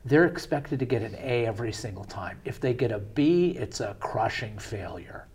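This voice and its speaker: A man with a husky, slightly rough voice hosting an interview. He tells stories in a loose, rambling way, with plenty of asides and fillers. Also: mid-range voice, animated, moderate pace, darkish tone. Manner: conversational storyteller, rambling with fillers. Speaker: interview host and parent. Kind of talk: interview conversation.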